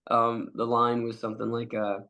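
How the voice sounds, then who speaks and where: A man's voice: mid-range voice, monotone, normal speed, bright, forceful tone. A man with a cold, a guest actor telling a story in casual chat, laughing often and acting out the quotes. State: has a cold.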